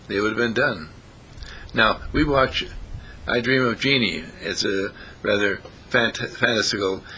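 A man's voice: medium pitch, bright, forceful tone, a little hiss or hum. A man preaching a folksy sermon, repeating phrases and lifting his voice on the key words. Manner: folksy, repetitive, rising emphasis on key phrases.

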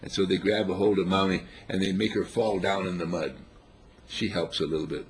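A man giving an informal sermon on a spiritual path, telling stories with animated chuckles. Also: low-pitched, brisk. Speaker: spiritual teacher.

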